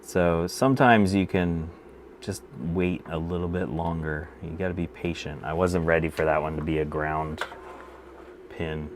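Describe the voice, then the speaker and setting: A man's voice: deep voice, fairly even intonation, a little slow, slight background noise. A man casually chatting with his live-stream viewers while he solders a computer, often half under his breath. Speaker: streamer repairing vintage computers.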